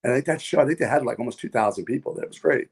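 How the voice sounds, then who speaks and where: A man's voice: medium pitch, rapid-fire, creaky, breathy edge. A man, a guest on a podcast, telling long stories in a rambling way with many fillers and repeated words. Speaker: podcast guest, wrestler and pilot. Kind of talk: casual storytelling interview.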